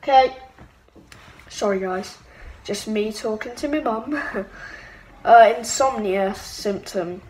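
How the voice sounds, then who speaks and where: A young woman giving excitable, playful let's-play commentary with mock-evil asides. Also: mid-range voice, takes it slowly, long pauses, a little hiss or hum, low-quality recording. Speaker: gaming channel host. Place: home room.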